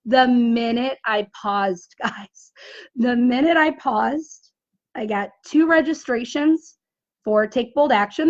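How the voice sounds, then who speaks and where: A woman's voice: high voice, no echo, muffled recording. A woman business coach giving a motivational talk on a live stream indoors, asking rhetorical questions and tagging lines with "right?". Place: indoors, dim room.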